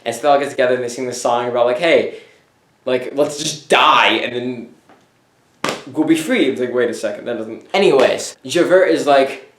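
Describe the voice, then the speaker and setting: A man with an ordinary mid-range voice tells a story in a loose, joking way, packed with fillers and quick throwaway impressions of characters. The sound bounces around a roomy, echoey space. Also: mid-range voice. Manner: rambling, filler-heavy, slips into offhand character voices. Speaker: vlog host reviewing a musical. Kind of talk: casual humorous plot recap. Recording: echoey room.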